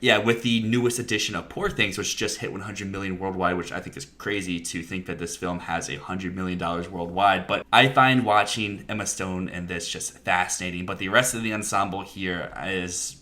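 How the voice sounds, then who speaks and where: A man's voice: low-pitched, steady tone, moderate pace, few pauses, pushed and bright. A man, a podcast guest, talking enthusiastically about films in a casual discussion and laughing often.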